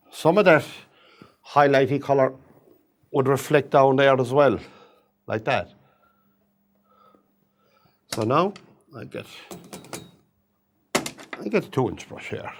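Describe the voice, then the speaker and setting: A man demonstrating a painting, chatting gently and coaxing the paint along as he works. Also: mid-range voice. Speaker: painting instructor.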